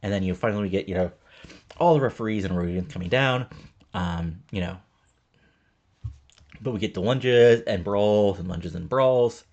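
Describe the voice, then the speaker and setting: A man's voice: on the low side, normal speed, vocal fry, pauses often, a little mellow, highs cut off. A man casually rambling through a wrestling booking game, loose and full of fillers. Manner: rambling, loose, many fillers like you know and um. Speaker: game let's-player. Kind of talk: casual commentary over a wrestling booking sim.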